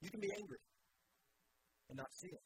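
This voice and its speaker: A man's voice: sits high, normal speed, breathy edge, rough recording. A middle-aged man preaching a sermon as pastor, earnest and conversational, asking the listeners questions.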